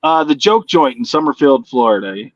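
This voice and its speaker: A man's voice: mid-range voice, expressive, moderate pace, no echo, muffled recording. A man who is a stand-up comedian, chatting as a guest in a laid-back way, laughing often and agreeing with "yeah". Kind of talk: casual chat.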